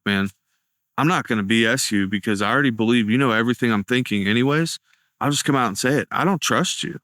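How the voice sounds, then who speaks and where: A man's voice: lowish voice, fairly bright tone, clean tone, no echo, clean studio sound. Earnest man telling his recovery story. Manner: earnest storytelling, acts out quoted dialogue. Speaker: testimony speaker. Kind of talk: personal recovery testimony.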